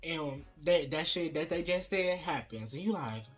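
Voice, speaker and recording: A young man hosting a casual mukbang vlog, talking straight to his viewers in a sassy, profane, expressive way. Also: normal speed, husky, faint music behind. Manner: sassy, profane, expressive with wide pitch swings. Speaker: vlogger host. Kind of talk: casual mukbang chat to camera.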